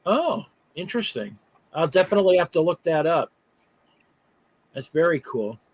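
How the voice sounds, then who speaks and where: Guest man, husky, a touch high, rambling chatty delivery with lots of fillers. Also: sing-song, moderate pace, poor audio. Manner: chatty, many "uh" fillers and restarts. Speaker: guest artist and voice actor. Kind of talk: casual interview chat. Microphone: remote live stream call.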